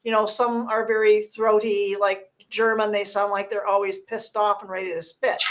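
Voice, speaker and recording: A woman's voice: medium pitch, little pitch movement, normal speed. A woman from the United States chatting casually, rambling with many restarts. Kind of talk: casual chat.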